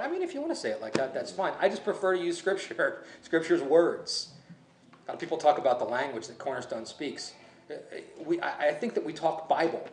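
A male pastor preaching in a loose, musing way, often correcting himself mid-sentence. His voice sits a little high for a man. It rings through an echoey room over a faint hum of background ambience. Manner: conversational, musing, self-correcting. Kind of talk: sermon.

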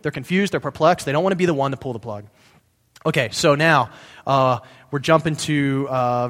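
A pastor giving a casual sermon, reading scripture aloud and breaking off to explain it in a conversational way, sometimes correcting himself. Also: male voice, on the high side, a bit bright. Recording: long reverb in a hall.

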